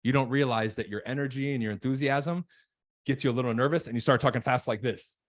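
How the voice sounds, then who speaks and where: A man's voice: mid-range voice, no room sound. Emphatic man coaching, dry close mic. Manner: emphatic, acts out callers in quick voices. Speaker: real estate coach. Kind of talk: casual podcast chat.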